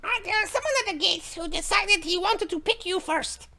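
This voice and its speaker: A woman's voice: extremely high pitch, brisk, vocal fry, bright, forceful tone, full character voice. A woman doing a tiny, stiffly polite servant. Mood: formal. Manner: stiff, literal, refers to self by name. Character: small, extremely polite servant who speaks of herself in the third person. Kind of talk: tabletop role-play.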